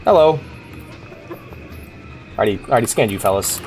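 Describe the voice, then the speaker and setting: A man streaming a video game, chatting casually, swearing and reading in-game logs aloud in bursts of excitement. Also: medium pitch, normal speed, faint music behind.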